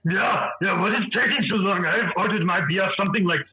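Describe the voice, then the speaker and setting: A man voicing a huge, impatient and hot-tempered male Goliath barbarian in a tabletop game, demanding his drink loudly. Dull lo-fi audio. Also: sits high, fairly quick, echoey room, voice pushed up, close to an everyday voice. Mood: agitated. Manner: loud demanding complaints.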